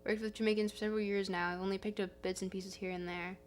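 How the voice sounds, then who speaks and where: This young woman hosting a casual livestream talks quickly at a medium pitch with little pitch movement, rambling and fixing her own words as she goes. Soft guitar music and slight background noise can be heard.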